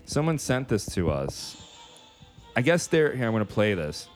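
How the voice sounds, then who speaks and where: A man's voice: mid-range voice, sing-song, moderate pace. A man co-hosting a comedy podcast, trading crude jokes with his co-hosts. He talks casually and tends to ramble through long explanations, with faint music behind him. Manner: crude, jokey, explains things at length. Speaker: co-host, comedian.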